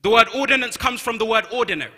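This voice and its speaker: In a vast church hall full of long, trailing reverb, a man with a London accent races through his sermon. His voice is high and piercingly bright, and he hammers home key phrases and reads scripture aloud.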